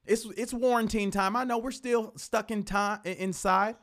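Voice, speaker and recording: A man hosting a podcast, giving an animated, profane, casual motivational talk full of repeated rhetorical questions. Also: high-pitched, moderate pace. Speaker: podcast host.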